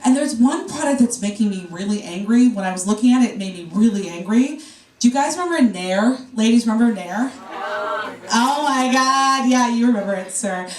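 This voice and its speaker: Brash high-voiced New woman comic. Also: lively intonation, a little fast, warm tone, slight background noise. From New York. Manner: brash, profane, crowd-teasing. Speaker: stand-up comedian. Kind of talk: stand-up comedy set. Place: comedy club stage. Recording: roomy club sound from a distance. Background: audience laughter.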